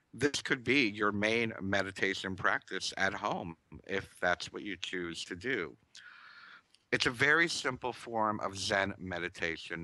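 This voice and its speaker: A man teaching meditation in a calm, deliberate talk, pausing often and sometimes correcting himself. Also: sits low, no room sound.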